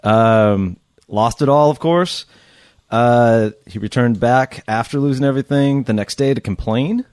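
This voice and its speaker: A man co-hosting a comedy podcast, reading out a news story in halting bits. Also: medium pitch, a little mellow, no echo, studio quality.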